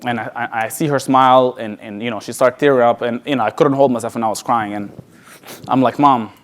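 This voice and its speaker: A man speaking at a sales event, telling an emotional personal story in a conversational way, often restarting his words and dropping to a soft, quiet voice. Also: mid-range voice, steady tone, fast. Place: large event hall.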